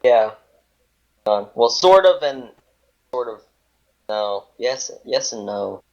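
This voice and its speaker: Man, casual gaming co-host, rambling and playful, lively slightly high pitch, lo-fi sound. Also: slow pace. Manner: rambling, playful, stalls and restarts. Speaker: podcast co-host. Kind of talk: casual banter about games.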